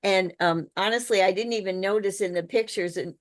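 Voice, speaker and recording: A woman's voice: medium pitch, a little fast. Woman on a video call walking through a picture book, thoughtful and explaining. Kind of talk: casual group chat on a video call.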